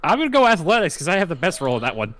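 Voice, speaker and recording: Male player, slightly high, lively voice, halting delivery. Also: slight background noise. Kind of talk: casual tabletop play.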